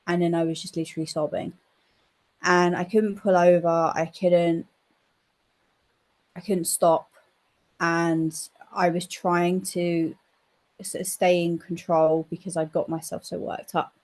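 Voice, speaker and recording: A woman's voice: fairly low pitch, a little slow, long pauses. Chatty woman telling a story. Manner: chatty, animated, swears and laughs while telling stories. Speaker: psychic medium guest. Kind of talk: casual storytelling interview.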